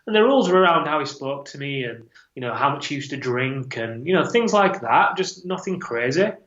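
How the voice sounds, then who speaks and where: Earnest man, fairly high voice. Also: expressive, fairly quick, fairly bright tone. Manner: earnest, reflective storytelling. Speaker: podcast guest, men's coach. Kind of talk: personal story told in an interview. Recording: roomy, slightly dull podcast audio.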